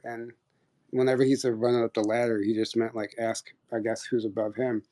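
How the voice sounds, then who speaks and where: A man with a warm, dark-toned voice at an ordinary middle pitch tells a long personal story. His talk is loose and rambling, packed with fillers and false starts, in a casual live-chat manner. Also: steady tone, normal speed. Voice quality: rambling, many fillers and restarts. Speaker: podcast host sharing experiences.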